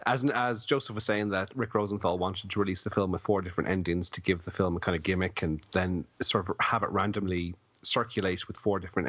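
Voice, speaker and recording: A man's voice: low-pitched, a bit bright, breathy edge, no echo. A man on a casual podcast, a little drunk and slurring, rambling through film trivia with many fillers. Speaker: podcast co-host. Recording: dull lo-fi dry sound.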